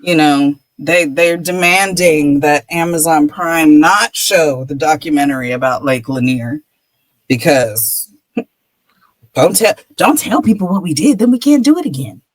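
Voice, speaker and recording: High-voiced man, dry and wry. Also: expressive, unhurried, no room sound, poor audio. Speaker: podcast host. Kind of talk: casual podcast chat.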